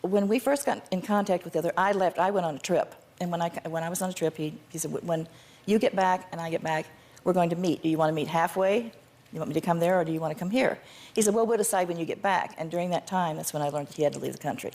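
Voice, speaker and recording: An older woman with a gravelly, fry-touched voice, talking quickly as a talk show guest. She answers firmly and emphatically, and her pitch sits a little low. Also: darkish tone. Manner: firm, emphatic, devoted. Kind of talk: being interviewed on a talk show.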